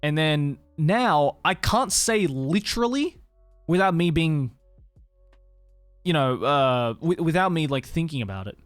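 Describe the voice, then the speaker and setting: Tired Australian man, lively voice. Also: a little high, a little slow, no echo, faint music behind. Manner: rambling, swears casually, answers chat. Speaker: streamer. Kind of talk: casual chat with stream viewers. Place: Tokyo.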